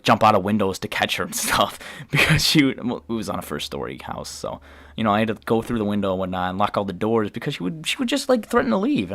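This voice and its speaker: Fast-talking teen guy rambling on. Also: on the low side, a bit bright, no echo. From New York area. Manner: rambling, full of fillers and restarts. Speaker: vlogger. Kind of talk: casual storytelling to camera.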